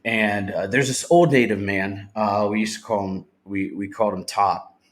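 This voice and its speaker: Low-voiced guy on a podcast telling his recovery story, blunt, swears a lot. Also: steady tone, normal speed. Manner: candid, swears freely, retells talk in quotes. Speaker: podcast guest. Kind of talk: personal recovery testimony.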